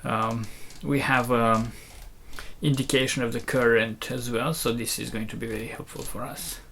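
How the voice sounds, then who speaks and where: A man's voice: mid-range voice, flat delivery, moderate pace, gravelly, a bit bright, a little hiss or hum. Hesitant man explaining speaker tech. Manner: hesitant, many fillers and restarts, explains step by step. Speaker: loudspeaker maker demonstrating a driver. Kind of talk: casual technical demonstration.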